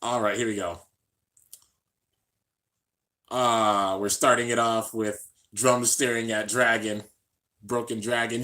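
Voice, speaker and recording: A man with a bright, forceful voice runs a live reaction stream and chats casually in slang. He jumps from excited shouting down to quiet mumbling and says "dude" all the time. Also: slow pace, pauses often. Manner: swings between hyped shouting and low mumbling.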